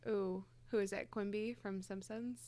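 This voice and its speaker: A woman with a mid-range voice trades quick, joking reactions in a casual podcast chat. She speaks loosely, dropping in slang and playful asides. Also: medium pitch, fairly even intonation, darkish tone, no room sound. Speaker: podcast co-host.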